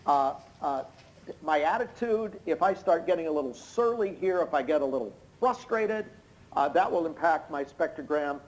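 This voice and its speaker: Man, expert witness, hoarse, tired, overly loud, halting explanations, video call audio. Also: fairly high pitch, lively intonation, low-quality recording. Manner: unnaturally loud; explanatory, with many hesitant fillers. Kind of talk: courtroom testimony over video call. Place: indoors in London at night.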